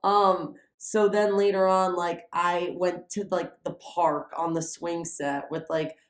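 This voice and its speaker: A woman's voice: fairly low pitch, slow pace, echoey room. A young adult woman co-hosting a podcast, telling a story casually with lots of "like" and swearing. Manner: animated, heavy use of "like", swearing. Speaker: podcast co-host.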